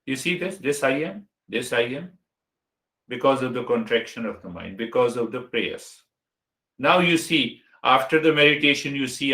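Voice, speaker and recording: A man giving a meditation teaching talk as a spiritual teacher, speaking deliberately and listing words one at a time. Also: medium pitch, expressive, sharp tone. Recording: roomy echo.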